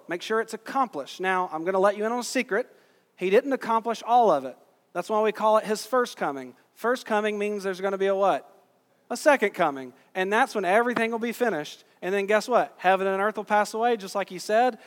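A man with a high voice delivers a sermon from the pulpit. He talks casually with his listeners, throws out rhetorical questions, and slows down to stress his points. His words carry a long echo through the church hall. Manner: conversational preaching, rhetorical questions, emphatic slowdowns. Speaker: pastor. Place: church sanctuary.

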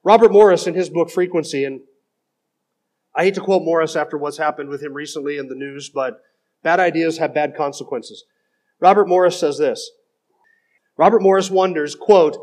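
A middle-aged male pastor with a notably high voice, preaching emphatically. He reads quotations aloud and then pushes back on them with firm, critical emphasis. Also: fairly quick, darkish tone. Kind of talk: sermon.

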